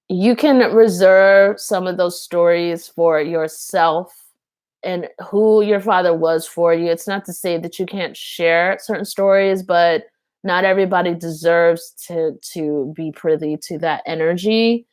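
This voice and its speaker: A woman giving a tarot card reading to camera. She speaks earnestly and haltingly, with many fillers. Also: fairly low pitch, a little mellow, dry recording.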